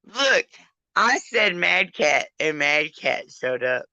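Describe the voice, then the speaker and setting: A woman's voice: low voice, sing-song, takes it slowly, sharp tone, no echo. A drunk woman hosting a casual live chat, rambling, affectionate and crude as she calls on her friends. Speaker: live stream host.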